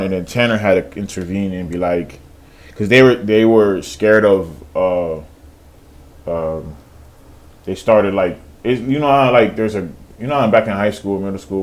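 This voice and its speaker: Casual, profane man recounting a story. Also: low voice. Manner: casual, profane, animated retelling with quoted voices. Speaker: day trader.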